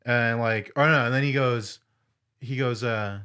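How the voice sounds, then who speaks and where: A young man co-hosting a podcast, telling a story in casual chat, animated and full of swearing. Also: medium pitch, normal speed, smooth. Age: young adult. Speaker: podcast co-host.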